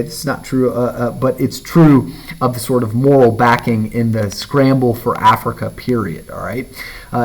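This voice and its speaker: A male teacher talks his students through a novel in a recorded lesson. His voice sits at an ordinary middle pitch. He checks in with "all right?" and "okay?" after nearly every thought, fills gaps with "uh", and slows down when he reads a passage aloud. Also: low-quality recording. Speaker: high school English teacher. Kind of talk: recorded literature lecture.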